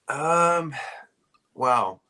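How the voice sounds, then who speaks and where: A South African man, a band's bassist, answering interview questions in a rambling, casual way with many fillers and restarts over a phone call. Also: animated, extremely slow, bright, forceful tone.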